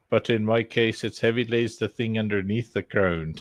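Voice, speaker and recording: A man with a low-leaning voice talks at a moderate pace with hardly any pauses, and there's no room sound. Streaming live, he rambles jokily to himself while clicking around, frequently chuckling between remarks.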